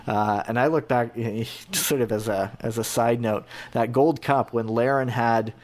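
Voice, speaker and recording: A man's voice: medium pitch, measured pace. A Canadian man as a podcast guest, chatting casually and rambling with many fillers and restarts.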